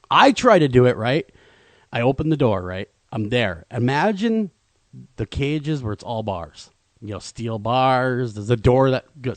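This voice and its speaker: A man co-hosting a talk radio show, telling a comedic, self-deprecating story in an animated way. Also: medium pitch, dry recording.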